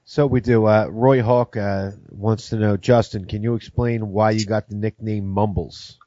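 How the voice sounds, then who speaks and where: A man with a low voice reads out viewer questions, easygoing and quick to laugh. The sound is dry and a little muffled. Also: fairly even intonation, dark tone, no room sound. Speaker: co-host reading viewer questions. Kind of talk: casual chat.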